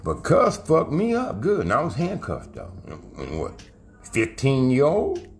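A man's voice: fairly high pitch, wildly swooping pitch, moderate pace, creaky, faint music behind. A middle-aged man, telling street stories in casual, profane, slang-heavy talk and acting out the quotes. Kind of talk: casual storytelling.

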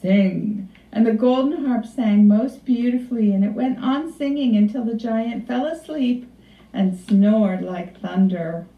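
Lady librarian reading a kids' story, expressive, dull muffled sound, roomy. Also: fairly high pitch, measured pace. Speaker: children's librarian. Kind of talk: storybook read-aloud for kids. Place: library room. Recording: echoey room, far from mic, dull.

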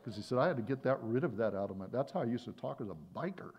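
A man preaching to his congregation, telling a story in a loose, conversational manner. He talks at a middle pitch and trips over his phrases as he goes, now and then restarting a thought. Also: racing, muffled recording. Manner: conversational, animated retelling with frequent restarts. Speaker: pastor. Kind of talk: sermon storytelling.

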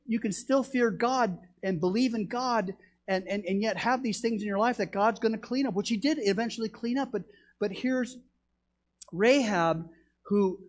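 Husky, excitable man preaching a sermon. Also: high voice. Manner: animated storytelling, shouting when excited. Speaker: pastor.

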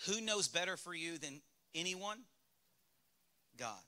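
Male pastor, Southern US accent, bright high voice, candid sermon in a church. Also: animated, takes it slowly. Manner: candid, conversational preaching with rhetorical questions to the congregation. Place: church sanctuary.

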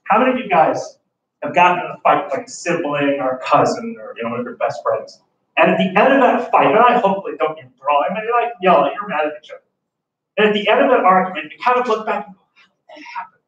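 An enthusiastic male history teacher with a fairly high voice talks his class through a lesson in a loose, joking way, with plenty of fillers. He sounds set back from the mic. The room around him is noticeably echoey. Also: animated, fast, fairly bright tone, distant mic, muffled recording. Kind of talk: casual classroom lecture.

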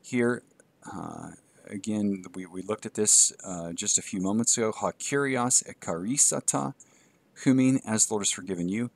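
A man teaching a Greek course in a recorded lecture, measured and halting with fillers, reading Greek aloud and then translating it. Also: lowish voice, creaky, dry recording. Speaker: Greek instructor.

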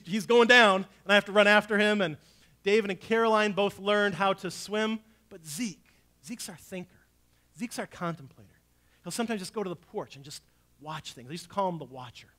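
A man preaching a sermon as pastor, telling a family story and swinging between hushed, low lines and loud, urgent ones.

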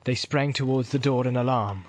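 A man narrating a fantasy audiobook in a steady, dramatic storytelling manner. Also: mid-range voice, moderate pace. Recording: loud music under the voice.

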